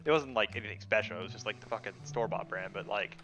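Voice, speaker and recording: A man's voice: lowish voice, fast talker, pushed and bright, dull audio. A young man co-hosting a game stream, rambling in a laid-back way and swearing. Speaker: co-streamer reading chat. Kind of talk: casual chat.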